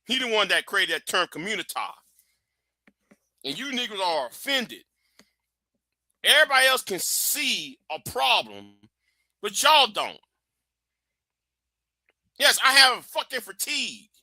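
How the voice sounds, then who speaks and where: A man ranting on his livestream in a high, very bright voice. He is blunt, profane and emphatic, and the sound is dry and close. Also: very animated, measured pace, pauses often, no room sound. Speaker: livestream host. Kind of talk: heated commentary rant.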